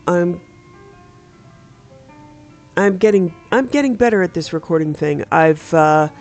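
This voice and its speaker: A game streamer casually chatting over gameplay and reading in-game books aloud, relaxed and self-correcting. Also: mid-range voice, unhurried, faint music behind.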